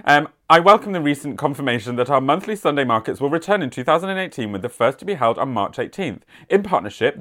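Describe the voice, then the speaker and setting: A woman's voice: low-pitched, fairly bright tone. A woman co-hosting a casual chat, reading a local paper aloud with dry, wry asides. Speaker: podcast co-host.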